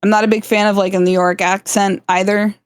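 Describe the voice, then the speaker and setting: A woman's voice: medium pitch, little pitch movement, fairly quick, smooth, no echo. A woman from South Florida chats loosely on a live stream, cursing and laughing as she goes. Her voice sits mid-range for a woman. The recording is close and dry, with no room sound. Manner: swears freely, laughs often, chatty. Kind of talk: casual chat.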